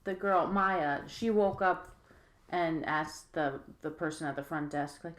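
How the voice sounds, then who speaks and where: A woman's voice: low-pitched, steady tone, unhurried. A woman co-hosting a podcast, recapping a movie plot in a chatty, giggly way. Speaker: podcast co-host. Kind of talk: casual movie review chat.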